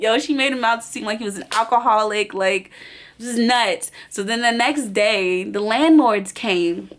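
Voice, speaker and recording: Woman vlogger acting out a roommate story, casual slang, a bit high pitched. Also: normal speed. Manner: animated, slangy, acts out every voice in the story.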